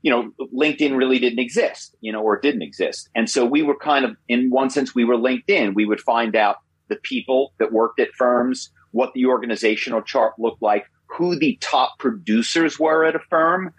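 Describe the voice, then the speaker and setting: A man in his fifties, a guest in an interview, telling stories in an animated way, often repeating himself and adding tag questions. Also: medium pitch, husky, no room sound, rough recording. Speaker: guest, former corporate spy. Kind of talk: interview storytelling.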